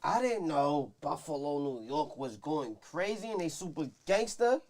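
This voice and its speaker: Guy, high lively voice, slangy, quick interjecting podcast guest. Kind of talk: casual chat.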